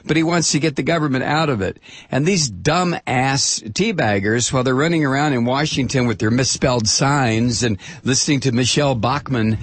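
A man hosting a political talk radio show, blunt and sardonic, with halting restarts. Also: medium pitch, husky, dry recording.

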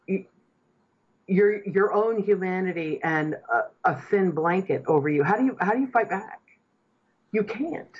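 A woman's voice: mid-range voice, breathy edge, highs cut off. Impassioned female talk radio host. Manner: earnest, impassioned, building to emphatic points. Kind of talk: political talk radio commentary.

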